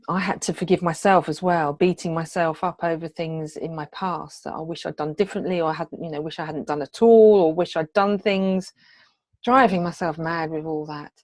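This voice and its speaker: Middle-aged woman coach telling her own story, earnest, lowish voice, dry close sound. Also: steady tone, moderate pace, darkish tone, dry recording. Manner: earnest and heartfelt, with frequent hesitations. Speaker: hypnotherapist and wellness coach. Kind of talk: personal testimony in a coaching video.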